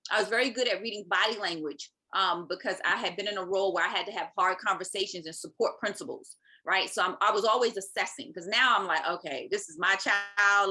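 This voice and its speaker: A woman guest on a podcast, telling a personal story in a lively way and checking in with the listener with "right?". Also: mid-range voice. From Maryland, US. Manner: animated, acts out quoted speech, often adds "right?". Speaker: podcast guest, parent advocate.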